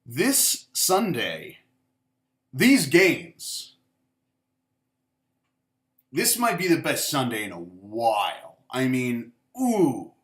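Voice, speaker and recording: Lively, profane sports ranter. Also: male voice, medium pitch, very slow, pauses often. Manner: profane, rambling, emphatic. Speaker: sports commentator. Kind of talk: ranting vlog commentary. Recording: echoey room.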